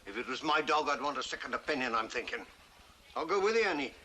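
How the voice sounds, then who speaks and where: A man's voice: mid-range voice, lively intonation, quick pace, bright, forceful tone, a little hiss or hum. An actor playing a chatty, sympathetic village man, neighbourly in manner, in 1960s film acting.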